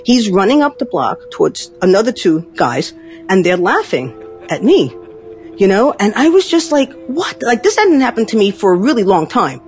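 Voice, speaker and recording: A woman in her late fifties telling a personal story on stage, chatty and animated, full of "like" and "you know". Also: mid-range voice, moderate pace, faint music behind. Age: 50s.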